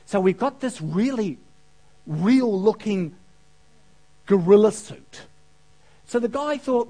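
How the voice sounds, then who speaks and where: A man's voice: high voice, expressive, measured pace, pauses often, warm tone. A man preaching a sermon, telling a funny parable and asking the congregation questions. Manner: storytelling, asks the audience questions, laughs at own jokes.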